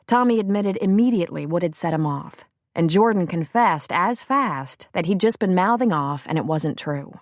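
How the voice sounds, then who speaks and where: Here a woman narrates an audiobook from a script, keeping a calm, even storytelling pace. Her pitch is fairly low, captured dry with studio quality.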